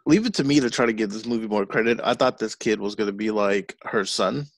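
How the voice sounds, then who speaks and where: A male podcast co-host chats casually while reviewing a movie, dropping sarcastic, profane jokes and asides. His voice is fairly low and brisk, captured in a dry recording.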